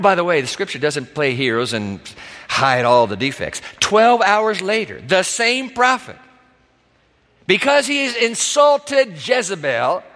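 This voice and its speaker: In a church sanctuary, a male pastor preaches a dramatic sermon, acting out the voices of those he quotes. His voice is high-pitched, pushed, and bright, and the hall is reverberant.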